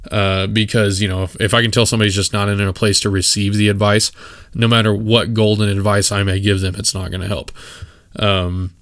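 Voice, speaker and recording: A man's voice: lowish voice, flat delivery, fairly quick, a bit bright, dry recording, studio quality. A man from West Texas, hosting a solo podcast, giving his opinions bluntly with many fillers and restarts. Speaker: podcast host. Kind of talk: casual solo podcast monologue.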